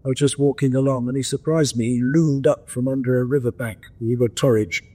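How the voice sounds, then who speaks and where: An older man speaks at a moderate, even pitch, telling stories from his past. His delivery is gentle and anecdotal, with small restarts as he gathers his thoughts. He is talking from his home in the countryside over a video call. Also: fairly quick. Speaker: interview guest. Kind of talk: reflective storytelling.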